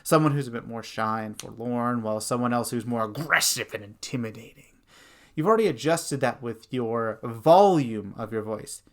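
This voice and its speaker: A man hosting a tutorial as a dungeon master, animated and breaking into demo voices as he explains. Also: medium pitch, normal speed. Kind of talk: instructional video.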